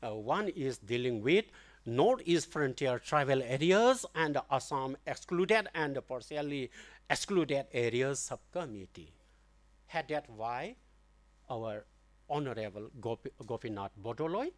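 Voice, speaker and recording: Slow, animated lecturer. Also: male voice, mid-range voice. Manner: deliberate, halting, with many fillers and restarts. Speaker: guest lecturer. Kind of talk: academic memorial lecture. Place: lecture hall.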